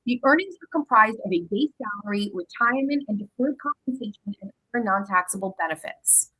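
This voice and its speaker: A woman's voice: a little high, lively intonation, fairly quick, bright, forceful tone, breathy edge, rough recording. A young adult woman, hosting her show in a heated, profane monologue, repeating herself as she pushes back at critics. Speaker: show host.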